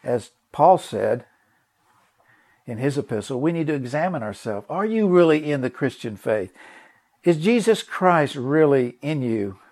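A man's voice: on the high side, expressive, measured pace, a little mellow. A man preaching a sermon and telling a personal story in an earnest, emphatic way, often repeating words and asking his listeners direct questions.

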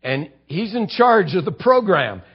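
A man's voice: sing-song, a little slow, slightly rough. Conversational preaching man, muffled lo-fi sound. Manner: conversational preaching with acted-out quotes and emphatic drops in pitch. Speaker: pastor. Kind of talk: sermon.

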